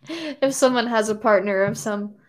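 A woman's voice: on the high side, measured pace. A woman telling a story in casual chat, rambling and full of "like" and "anyways".

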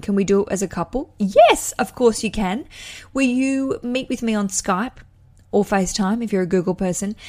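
A woman hosting her own podcast, talking in a chatty, self-deprecating way as she chats casually to her listeners. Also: medium pitch. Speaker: podcast host. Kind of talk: casual solo podcast chat.

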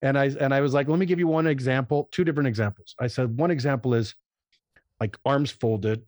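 A man's voice: mid-range voice, a little fast, darkish tone, no echo, studio quality. A man talking as a podcast guest in casual conversation, rambling and searching for words, often acting out little quoted scenes. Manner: acts out voices in quoted examples.

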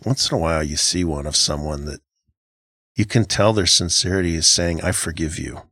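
A man's voice: deep voice, fairly quick, sharp tone, dry recording, clean studio sound. A middle-aged man co-hosting a casual Christian podcast, talking in an earnest, reflective way with frequent halts and restarts. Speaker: podcast co-host.

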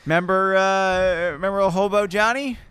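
A man's voice: high voice, moderate pace, smooth. A man co-hosting a casual book podcast, laughing often and joking with his partner. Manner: animated, giggly banter. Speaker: podcast co-host.

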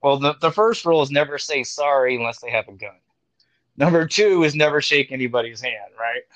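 A man's voice: medium pitch, fairly quick, no echo. A man casually telling a story, swearing freely and acting out what people said. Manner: profane, animated storyteller acting out quotes. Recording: dull, dry lo-fi sound.

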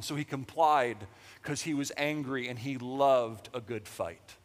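A man's voice: medium pitch, normal speed, a bit bright, long reverb tail. A young man preaching a sermon in a casual, joking way, filling his speech with "like". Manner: casual, jokey, heavy use of "like". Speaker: pastor. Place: church sanctuary.

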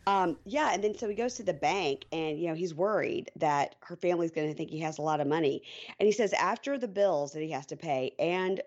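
A woman's voice: lowish voice, fairly quick, a little mellow, dull audio. A woman guesting on a podcast, recapping a show in a dry, matter-of-fact way. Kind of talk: casual recap chat.

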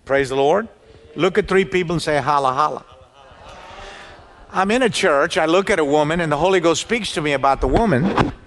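A man's voice: on the high side, brisk, long pauses. Man preaching in an echoey hall. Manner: animated storytelling, quoting people in dialogue. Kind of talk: sermon. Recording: reverberant hall.

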